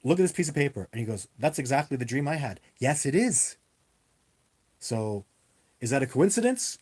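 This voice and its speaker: A man's voice: a little high, a little mellow. Rambling, emphatic man hosting a livestream. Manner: rambling, emphatic, repeats himself. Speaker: livestream host answering viewer questions. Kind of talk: casual livestream Q&A. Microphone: webcam on a live video stream.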